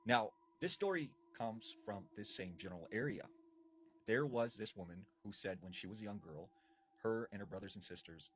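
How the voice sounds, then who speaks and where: A man narrating a spooky folklore story, drawing out suspense with dramatic pauses and casual fillers. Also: fairly low pitch, fairly bright tone, slight background noise.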